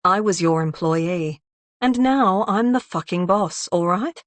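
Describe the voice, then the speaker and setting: Brief: narrator doing a curt, defiant woman in an audiobook, low voice, dry sound. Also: animated, a little slow, no room sound.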